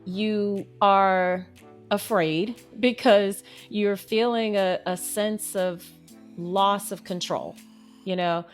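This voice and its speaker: A woman hosting a podcast, talking through ideas in a measured, reflective way. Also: mid-range voice, steady tone, faint music behind. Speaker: podcast host. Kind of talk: casual interview chat.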